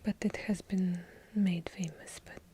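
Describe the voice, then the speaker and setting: A woman's voice: lowish voice, steady tone, measured pace, warm tone, slight background noise. A woman with a heavy Russian accent whispering ASMR trigger words, drawing out each repeated word and slipping in wry asides. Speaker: ASMR creator. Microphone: handheld field recorder.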